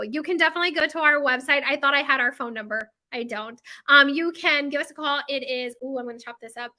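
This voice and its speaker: High bright-voiced chatty woman. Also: fast, few pauses. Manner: chatty, self-mocking, flustered. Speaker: bakery owner. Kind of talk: casual promo chat to followers.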